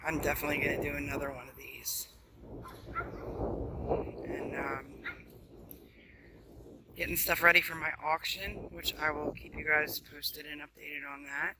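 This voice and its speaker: A woman narrating her paint pouring as a casual vlog, talking to viewers, easily excited and laughing often. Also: sits low, noisy background.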